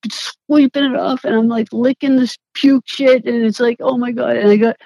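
Young woman, interview guest, animated storyteller, laughs a lot, dry close sound. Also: a little high, normal speed, no echo, muffled recording. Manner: animated, laughs often, swears, acts out quotes. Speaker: interview guest, former reality show contestant. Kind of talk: casual storytelling.

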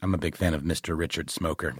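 A man's voice: rumbling low, steady tone, quick pace, breathy edge, no echo, studio quality. A man in his thirties co-hosting a podcast, playful and self-mocking in casual chat. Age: 30s. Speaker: podcast co-host.

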